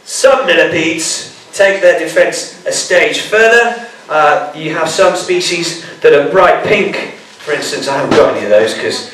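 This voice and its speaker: Here the bug-show host sounds fairly high and bright, unhurried but lively in his intonation, trading jokes like a showman with the school-hall audience. A faraway mic picks up the hall's echo and slight background noise.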